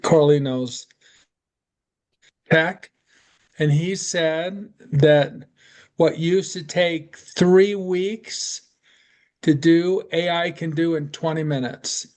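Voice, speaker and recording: Older man, unhurried, slightly high voice, rambling casual talk among colleagues. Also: a little mellow. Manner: rambling, trails off mid-sentence. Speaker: teacher in an online class. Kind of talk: casual chat.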